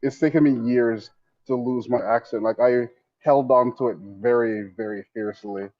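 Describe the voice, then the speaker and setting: A man's voice: medium pitch, fairly even intonation, normal speed, darkish tone, no room sound. A man with a light Jamaican accent talks animatedly and swears casually. His voice sits mid-range. The audio is muffled and dull, with a dry sound. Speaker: guest. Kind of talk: casual chat.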